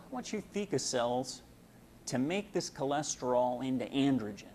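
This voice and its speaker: A man's voice: mid-range voice, animated, moderate pace, a little mellow, a little hiss or hum, natural voice. A man voicing a hormone that casually orders cells to make androgen. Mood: bossy.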